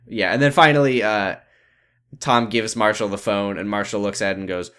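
A man's voice: on the low side, fairly even intonation, normal speed, a bit bright, clean tone. A man co-hosting a casual podcast, recapping a TV episode with sarcasm and exasperation. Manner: sarcastic, exasperated, swears freely. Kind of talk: casual chat.

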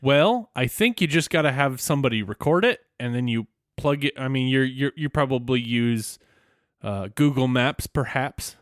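A man's voice: medium pitch, lively intonation, moderate pace, dry recording, studio quality. A man co-hosting a podcast, chatting playfully and jokingly while recapping a cartoon episode. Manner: playful, giggly, jokey. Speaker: podcast co-host.

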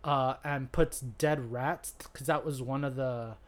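A man's voice: medium pitch, slow pace. A man co-hosting a podcast, animatedly recapping a horror movie plot at a podcast microphone in casual chat. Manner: animated storyteller, laughs easily. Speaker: podcast co-host.

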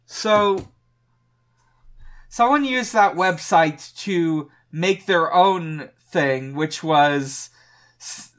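Slow, bright-toned man recapping an episode. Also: on the high side. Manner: recapping slowly with many fillers. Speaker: podcast co-host. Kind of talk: casual chat.

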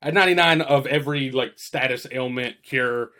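A man's voice: mid-range voice, fairly quick, bright, forceful tone. Laid-back, profane male podcast co-host. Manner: laid-back, profane, laughs through stories. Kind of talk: casual chat.

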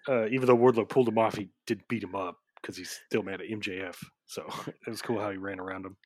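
A man co-hosting a podcast, chiming in with short agreements and quick casual comments. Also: on the low side, steady tone, darkish tone, no room sound. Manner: brief agreeing interjections, chuckles. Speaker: podcast co-host. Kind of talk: casual chat, backchanneling.

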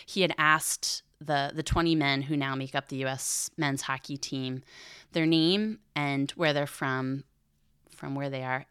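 Woman, low voice, smooth, dry close sound, earnest, conversational teaching. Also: a bit bright, dry recording. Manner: earnest, retells a film scene to explain a point; thinks aloud with frequent restarts and asides. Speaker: Catholic podcast host.

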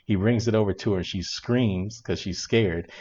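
Man, lowish voice, chatty movie-review co-host, laughs a lot, dull lo-fi sound. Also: moderate pace. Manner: animated, laughing retelling with restarts. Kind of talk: casual movie review chat.

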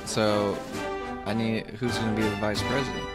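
A man in casual comedic chat, answering in a dry, deadpan way. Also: fairly low pitch, normal speed, loud music behind the voice.

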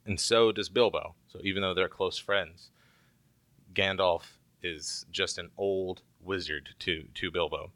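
A man's voice: low-pitched, steady tone, measured pace, a bit bright, no room sound. A man preaching a sermon in a conversational way, with joking asides to the congregation. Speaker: pastor.

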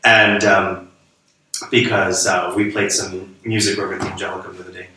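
A man's voice: low voice, level tone, fairly quick, pushed and bright, slight background noise. A man, a priest, telling anecdotes in casual conversation and laughing as he goes. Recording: echoey room, distant mic.

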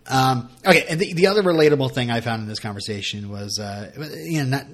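A man's voice: lowish voice, quick pace, hardly any pauses, fairly bright tone. A young man co-hosting a podcast in casual chat, rambling and joking at his own expense, with lots of fillers and restarts. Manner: rambling, self-mocking, full of fillers and restarts. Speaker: podcast co-host.

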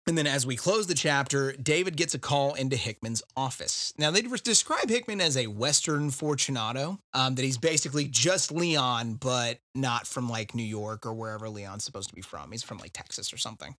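A man's voice: medium pitch, lively intonation, normal speed, hardly any pauses, sharp tone, dry recording, clean studio sound. A man hosting a casual book discussion podcast, recapping chapters with wry asides. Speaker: podcast host.

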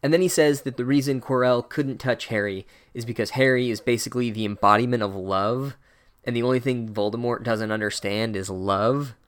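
A man's voice: medium pitch, fairly quick, clean tone. A man giving an irreverent, sarcastic comedic recap of a book, casual and full of asides.

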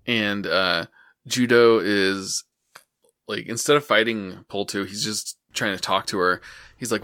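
A man's voice: on the low side, a little slow. Laid-back man recounting a plot. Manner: steady storytelling with many "and, uh" fillers. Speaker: podcast co-host. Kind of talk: casual chat.

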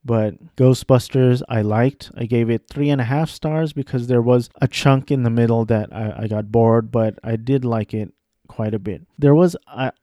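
A man's voice: medium pitch, normal speed, dark tone, no echo, clean studio sound. A young man in casual chat about films he has watched, rambling and correcting himself as he goes. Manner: rambling, self-correcting, offhand. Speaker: vlogger.

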